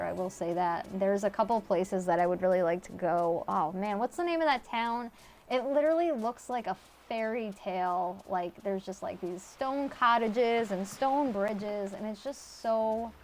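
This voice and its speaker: A woman's voice: mid-range voice, a little mellow, slight background noise. A woman in her thirties streaming a video game, chatting loosely with her viewers, rambling and swearing casually as she answers chat. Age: 30s. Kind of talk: casual live-stream chat while gaming.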